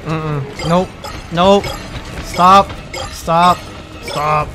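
An excitable man narrates his game playthrough in a high voice, drawling slowly between sudden yelps. Game music plays clearly behind him. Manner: excitable, yelping and pleading. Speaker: gamer.

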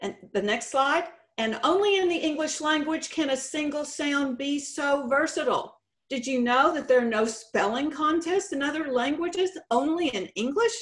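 A woman with a Texan accent giving a conference presentation with slides, explaining slowly and deliberately, stretching out example words. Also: high-pitched. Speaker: state contest director presenting. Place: conference session room.

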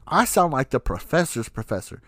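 A man's voice: medium pitch, big pitch swings, fairly quick, a bit bright, no room sound, clean studio sound. A young adult man hosting a podcast, telling a story in a casual, sassy and profane way, laughing often. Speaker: podcast host.

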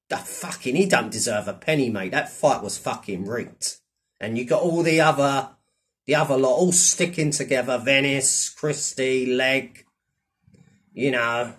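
A man, ranting and rambling in a vlog, swearing often and keeping a conversational, repetitive flow. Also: medium pitch. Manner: profane, rambling, keeps asking "do you know what I mean". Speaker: vlogger. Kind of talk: ranting commentary.

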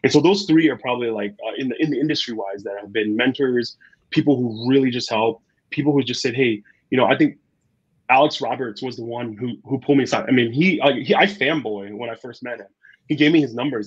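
A man's voice: medium pitch, brisk, husky. A man, a chef and guest on a talk show, chatting casually and acting out the people in his stories, with many fillers. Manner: animated storyteller, acts out quotes, many fillers. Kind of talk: casual interview chat. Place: Twin Cities area. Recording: slightly dull, lo-fi sound.

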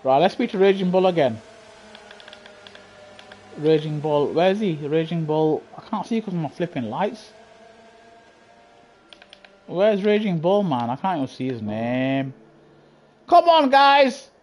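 A man's voice: sits high, expressive, a little slow, pauses often, a little mellow. Slangy, laughing gaming streamer man. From England. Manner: playful teasing, laughs often, slangy. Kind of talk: live gameplay commentary chatting to a lobby.

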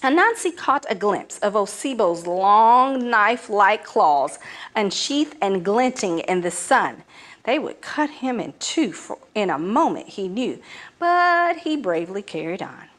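A woman reading a folk tale aloud, with expressive, dramatic storytelling. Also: mid-range voice, unhurried.

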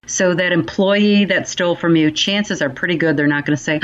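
A woman guest on a podcast telling stories about forgiveness in an animated, snarky way, acting out the voices of people she quotes. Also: low voice, a little fast, few pauses, lo-fi sound. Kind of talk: animated storytelling interview.

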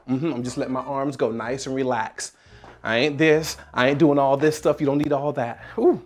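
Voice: medium pitch, moderate pace, faint music behind. A dance instructor from South Carolina, leading a dance tutorial by counting beats aloud and scatting rhythms, with plenty of energy.

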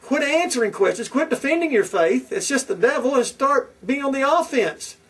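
High-voiced fiery man preaching a sermon. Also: expressive, normal speed, a bit bright, slightly rough. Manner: preachy, repetitive, fiery and confrontational. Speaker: pastor. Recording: distant from the mic.

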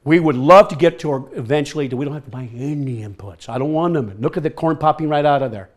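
Lively man presenting to an audience. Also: fairly high pitch, quick pace. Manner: energetic, quizzes the audience. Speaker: workshop presenter. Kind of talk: lively workshop talk. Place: workshop room with an audience.

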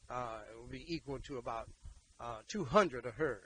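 A man, preaching a sermon and leading prayer, emphatic and repetitive, moving between loud exhortation and quiet talk. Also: mid-range voice, normal speed, slightly rough, low-quality recording.

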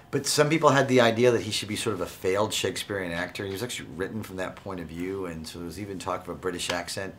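A man talking as an actor and interview guest, relaxed and wry in casual conversation. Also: sits low, fast, hardly any pauses.

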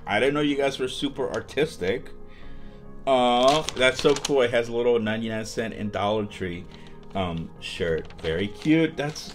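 A young man hosting a casual unboxing vlog, talking in an excitable, gushing way with lots of ums and restarts. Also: medium pitch, a little slow, soft background music. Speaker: vlogger.

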